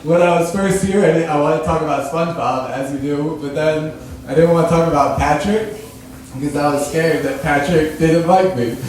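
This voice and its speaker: A man's voice: on the high side, fairly even intonation, moderate pace, a little mellow. A man doing rambling stand-up storytelling who keeps laughing through his own lines. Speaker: stand-up comedian. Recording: echoey room from a distant mic.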